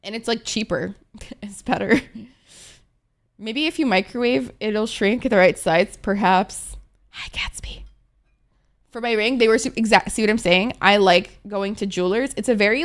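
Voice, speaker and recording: A woman's voice: medium pitch, moderate pace. A young adult woman streaming, chatting casually with her viewers in a playful, rambling, profane way, often laughing.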